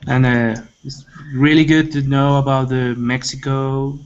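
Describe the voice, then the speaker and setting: A man's voice: mid-range voice, flat delivery, a little slow, smooth. Hesitant man searching for words. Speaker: participant in a language exchange call. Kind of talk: casual group conversation. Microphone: video call. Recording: muffled online call audio.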